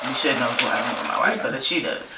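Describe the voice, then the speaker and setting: A woman's voice: a bass voice, expressive, quick pace, recorded from a distance. A young woman from California telling a rambling, slangy story as a vlogger, laughing often. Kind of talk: casual storytime chat. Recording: roomy, off-mic, faint noise.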